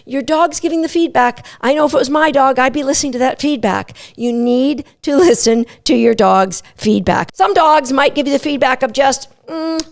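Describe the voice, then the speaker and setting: High, gravelly woman coaching dog trainers. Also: normal speed, hardly any pauses. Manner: animated, emphatic, playful. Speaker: dog agility trainer and podcast host. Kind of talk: instructional podcast talk.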